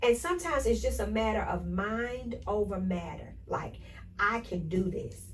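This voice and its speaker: Energetic woman podcast host, slightly distant. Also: medium pitch, measured pace. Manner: energetic, preachy, repeats affirmations. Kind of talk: motivational podcast talk.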